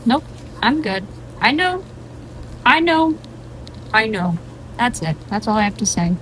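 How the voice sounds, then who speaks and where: A woman's voice: a little high, sing-song, measured pace, fairly bright tone, a little hiss or hum, poor audio. Curt young woman player. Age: young adult. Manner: curt, terse replies. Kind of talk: playing a tabletop game.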